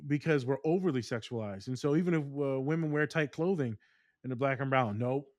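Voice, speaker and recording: A man co-hosting a podcast, talking casually and telling stories in long, animated rants. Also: mid-range voice, brisk, no room sound. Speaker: podcast co-host.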